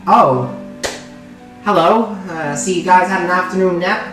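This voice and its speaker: A woman's voice: fairly low pitch, measured pace, natural voice. A woman with an Australian accent voicing a friendly male innkeeper who talks in a chatty, hesitant way. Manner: chatty and hesitant, lots of ums. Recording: distant roomy sound with background music.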